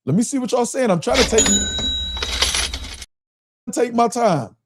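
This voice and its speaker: A man from Michigan with a Michigan accent hosting a live stream, reading chat aloud and asking his questions again and again in animated casual commentary. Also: very high-pitched, unhurried, very noisy. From Michigan, US Midwest. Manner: animated, keeps repeating his questions, reads chat aloud, laughs often.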